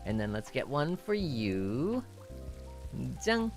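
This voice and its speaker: A man's voice: mid-range voice, sing-song, slow pace, soft background music. A man hosting a casual anniversary chat stream, giggly and rambling, shy and self-conscious, switching between English and Japanese. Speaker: streamer host.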